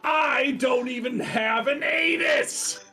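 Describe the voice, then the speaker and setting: A man's voice: very high voice, takes it slowly, pushed and bright, faint music behind, voice pushed up, heavily acted. A man doing a shrieking manic sailor. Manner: shrieking, cackling.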